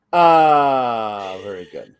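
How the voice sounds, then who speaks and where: A man's voice: mid-range voice, smooth. A man chatting casually on a live stream, stammering and rambling with lots of fillers as he answers chat requests.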